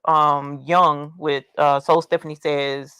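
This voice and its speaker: A chatty woman hosts a craft livestream from home. She greets viewers and reads their comments aloud, with an animated, laughing delivery. Her voice is bright and forceful, and it sounds dry and close. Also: deep voice, takes it slowly, clear, resonant tone, no echo. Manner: animated, with bursts of laughter and cheering. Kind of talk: casual livestream chat.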